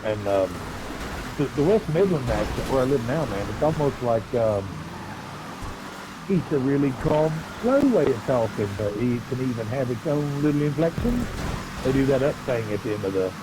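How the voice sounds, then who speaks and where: A man's voice: medium pitch, expressive, moderate pace. Laid-back man streaming. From Southwest Virginia, USA. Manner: laid-back, rambling, folksy. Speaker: streamer and race host. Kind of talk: live game stream commentary. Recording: game car noise behind voice.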